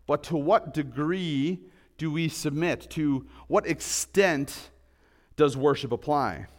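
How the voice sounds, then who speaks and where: A man's voice: a little high, takes it slowly. Earnest man preaching a sermon. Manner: earnest, explanatory, with restarts. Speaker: pastor.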